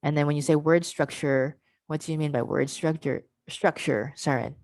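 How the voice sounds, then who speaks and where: Speaking over a video call on a computer mic, a workshop presenter with a low, somewhat mellow voice and steady tone trains teachers online. She models sounds slowly and walks through each step, often asking "right?". There's no room sound.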